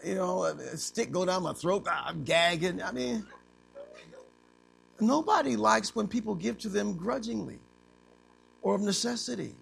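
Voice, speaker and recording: A man preaching a sermon as pastor, animated, asking the congregation to finish his lines and acting out little scenes. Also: sits high, a little slow, gravelly, long pauses. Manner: animated preaching with call-and-response questions; acts out little scenes in other voices.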